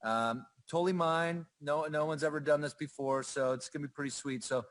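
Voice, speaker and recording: Upbeat higher-voiced male livestream host. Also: steady tone, a little fast, fairly bright tone, dry recording. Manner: enthusiastic, playful, jokey.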